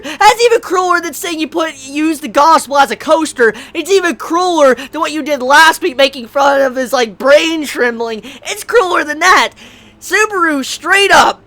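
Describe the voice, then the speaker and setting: A woman giving a casual, animated anime episode review, swearing freely and breaking into loud outbursts. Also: sits high.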